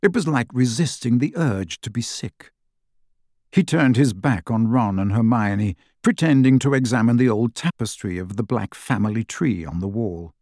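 An audiobook narrator, a man with a mid-range voice, reads scripted narration from a fantasy novel in a steady, measured storytelling style. The recording is dry with clean studio sound.

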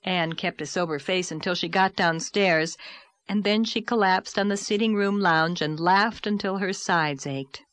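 A woman calmly narrating a classic story as an audiobook reader. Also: on the low side, unhurried, no room sound. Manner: calm, steady storytelling. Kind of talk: scripted narration.

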